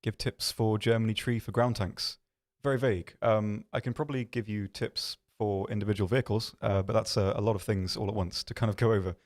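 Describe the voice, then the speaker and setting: A man hosting a game livestream from an office, answering viewer questions in a rambling, self-deprecating way with many pauses and restarts. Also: lowish voice, steady tone. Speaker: stream host. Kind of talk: casual livestream chat reading viewer questions.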